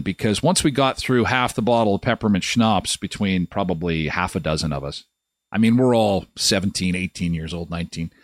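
A man's voice: on the low side, no echo, studio quality. A man in his fifties from Canada hosting a live daily talk show, rambling and joking as he tells stories. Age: 50s. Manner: rambling, jokey storyteller with quick asides. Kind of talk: casual solo talk show.

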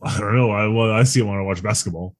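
A man co-hosting a podcast in casual chat, joking easily and laughing often, with a husky voice. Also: on the low side, fast talker. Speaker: podcast co-host.

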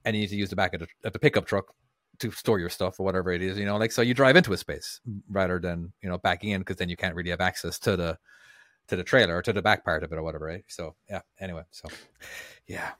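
A man's voice: low voice, fast, a bit bright, no room sound, clean studio sound. An American man co-hosting a podcast in casual chat, rambling and repeating his words as he goes. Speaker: podcast co-host.

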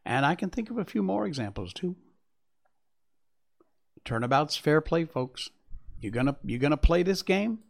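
A man hosting opinionated political news commentary, combative and sarcastic, reading headlines and dropping into low asides. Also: big pitch swings, moderate pace, gravelly, pauses often.

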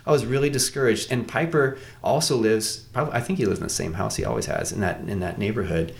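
Lower-voiced man from Iowa, earnest podcast guest, rambling, self-correcting storyteller. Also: quick pace, gravelly. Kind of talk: conversational debate.

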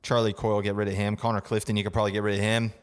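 Racing along in a low, clear, resonant voice with little pitch movement, a young man gives casual fantasy hockey advice on his podcast. He rambles with fillers and keeps asking "right?", and the audio has a big-room sound.

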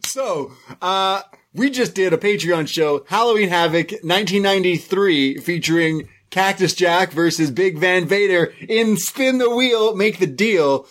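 A man's voice: sits high, a little slow, a bit bright. A man co-hosting a wrestling podcast, chatting casually and recapping the show with acted-out quotes. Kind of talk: casual chat.

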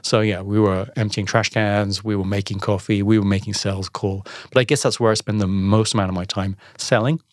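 A man telling a personal business story in a casual interview, acting out the dialogue with animated voices. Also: on the low side, a little fast, few pauses, no echo, clean studio sound. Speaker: podcast guest, entrepreneur.

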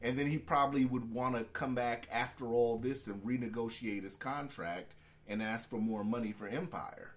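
A man's voice: mid-range voice, normal speed, hardly any pauses. A man co-hosting a casual podcast, talking loosely and profanely about the news, laughing often. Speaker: podcast co-host. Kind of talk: casual chat.

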